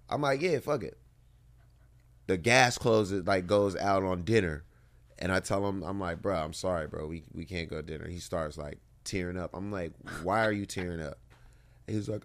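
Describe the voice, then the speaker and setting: A man's voice: sits low, moderate pace. A man in his thirties, a guest in an interview, telling stories in a laid-back, drawling way and swearing freely. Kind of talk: casual storytelling.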